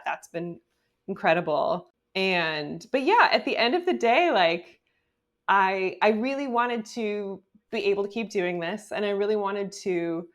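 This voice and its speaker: A woman author being interviewed, telling her story in a chatty, animated way with lots of "like"s. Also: mid-range voice. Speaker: guest author. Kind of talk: casual interview talk. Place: home office in New York.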